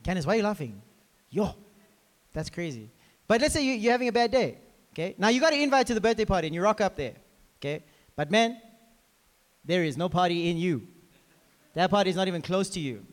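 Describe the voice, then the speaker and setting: Animated high-voiced male preacher. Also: a little fast, long pauses. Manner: animated, conversational, talks to the congregation. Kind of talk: lively sermon teaching. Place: crowded hall with a live congregation. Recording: reverberant hall.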